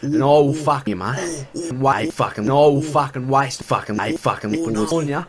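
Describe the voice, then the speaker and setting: A man's voice: mid-range voice, moderate pace, a crowd in the background, close to an everyday voice. A man voicing a threatening, foul-mouthed cartoon bloke. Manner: menacing, heavy swearing.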